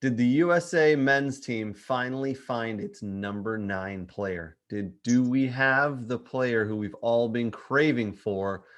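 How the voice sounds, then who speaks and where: A man co-hosting a soccer talk show, chatting casually and upbeat, with some sarcasm and quick questions to his co-host. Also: mid-range voice, lo-fi sound. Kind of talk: casual sports chat.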